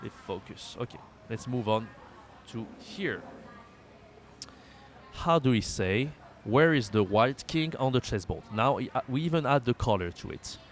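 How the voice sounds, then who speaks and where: A man with a French accent, a native French speaker, teaching a language lesson, thinking aloud with hums and self-corrections and repeating phrases slowly for learners. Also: mid-range voice, expressive, slight background noise.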